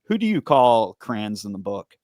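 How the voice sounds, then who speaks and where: A man's voice: lowish voice, sing-song, moderate pace, a little mellow, no room sound, clean studio sound. An American man, a former police officer, hosting a podcast and steadily guiding the interview with questions and his own account. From United States. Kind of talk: interview conversation.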